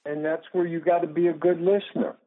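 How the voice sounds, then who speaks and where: A man's voice: fairly high pitch, little pitch movement, fast. A man in his sixties, a guest sports psychologist in a phone interview, talking emphatically and laying out numbered points. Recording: tinny phone line.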